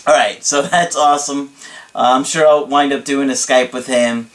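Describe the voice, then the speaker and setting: A man's voice: medium pitch, steady tone, moderate pace. A man speaking as a relationship coach in a casual talk to camera, chatty and laughing often. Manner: chatty, laughs often, frequent tag questions.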